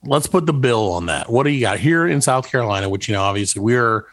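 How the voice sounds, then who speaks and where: An American man hosting a podcast, chatting casually and joking in an animated storytelling way. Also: mid-range voice, fast talker, crowd noise. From United States. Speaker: podcast host.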